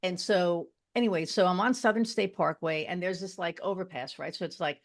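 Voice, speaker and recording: A woman from Long Island, a podcast guest, telling a personal story in casual chat and checking in with quick asides. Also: fairly low pitch.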